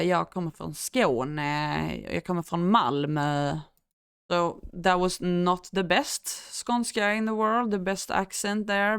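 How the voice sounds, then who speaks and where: Woman from Sweden, language teacher, unhurried delivery, smooth clear voice, dry close sound. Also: mid-range voice, no echo. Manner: relaxed, thoughtful, with pauses and fillers. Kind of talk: explaining language and culture.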